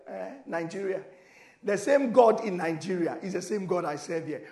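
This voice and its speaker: A man with a high voice delivers a sermon, dropping into quiet, intimate asides before bursting into shouted prayers. He acts out the scripture with dramatic voices. The sound rings with the echo of a church hall. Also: a little fast. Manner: preaching with sudden shouted prayers and dramatic voicing of quotes; switches between loud exclamations and quiet, intimate asides. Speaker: pastor.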